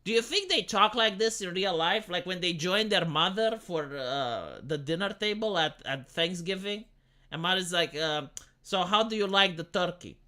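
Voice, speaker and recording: A high-voiced man livestreaming, his tone bright and cutting. He rants sarcastically about film reviews, swears freely, and trips over his own restarts. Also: expressive. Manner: ranting, sarcastic, profane; halting, with many restarts.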